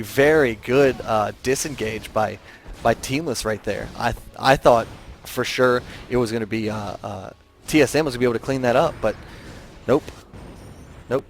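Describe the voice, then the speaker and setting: A tired man giving play-by-play esports commentary, getting excitable and high in big plays. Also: moderate pace, creaky.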